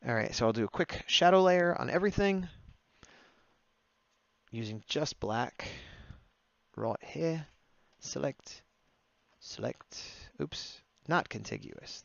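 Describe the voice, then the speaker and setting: With a medium-pitched, slightly bright voice and vocal fry, a man narrates his drawing on a livestream and chats with viewers, often laughing at his own jokes as he works through requests. The dull lo-fi audio has no echo.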